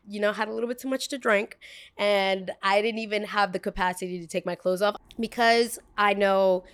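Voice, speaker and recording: A young woman telling a story in a casual, slangy, animated way. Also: mid-range voice, normal speed, dry recording. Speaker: podcast host.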